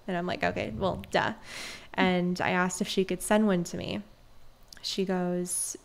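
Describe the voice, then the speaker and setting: A woman guest on a podcast, a breathwork mentor, telling stories in an animated, chatty way, often saying "like". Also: fairly low pitch, moderate pace, vocal fry, clear, resonant tone. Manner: animated, peppered with "like". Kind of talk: conversational storytelling.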